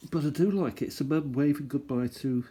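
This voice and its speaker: A man's voice: medium pitch, a little fast, dark tone, breathy edge. A man hosting a stamp collecting channel, rambling and thinking aloud as he chats casually through what he's showing. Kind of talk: casual show-and-tell chat.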